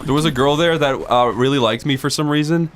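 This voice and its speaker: Deadpan man telling a story. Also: a little high, a little fast, a little hiss or hum. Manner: deadpan storyteller, acts out quoted voices. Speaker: let's play co-host. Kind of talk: casual storytelling while gaming.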